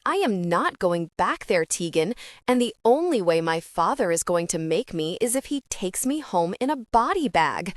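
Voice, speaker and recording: A woman's voice: mid-range voice, sing-song, moderate pace, no echo, close to an everyday voice. Defiant young woman, read by a woman in an audiobook, snapping back, dry studio sound. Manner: sharp, defiant. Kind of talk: audiobook character reading.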